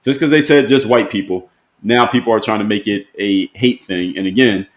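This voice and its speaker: Low-voiced man arguing in an echoey room. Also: normal speed. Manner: plain-spoken, argues with repeated rhetorical questions. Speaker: host. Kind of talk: live-stream commentary.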